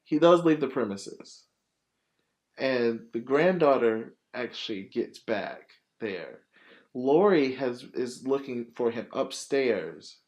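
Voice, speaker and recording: A man hosting a podcast, casually retelling a movie plot in a rambling, profane, animated way full of fillers. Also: mid-range voice, slow. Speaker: podcast host.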